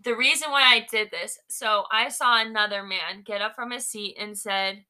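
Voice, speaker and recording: A young woman co-hosting a casual chat, telling a travel story in an animated way and acting out the people in it. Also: mid-range voice, moderate pace, few pauses. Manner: animated, acts out quoted people. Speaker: podcast co-host, daughter.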